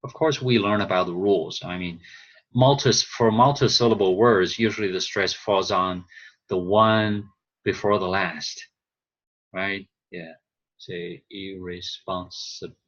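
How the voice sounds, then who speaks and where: Slow, deep-voiced man lecturing on a video call. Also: fairly bright tone, dull audio. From China. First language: Chinese. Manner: slow, hesitant, thinking aloud with fillers. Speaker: instructor.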